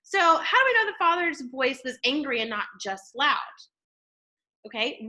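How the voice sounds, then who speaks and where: High, lively woman teacher. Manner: explanatory, checks in with "okay?" and "right?"; expressive, shifts tone to model reading. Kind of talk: classroom reading lesson.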